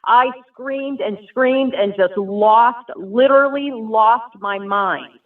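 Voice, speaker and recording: A woman's voice: fairly high pitch, slow. A woman giving an emotional personal testimony, telling her story earnestly and vividly. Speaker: guest sharing a personal testimony. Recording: tinny phone-like sound from far off.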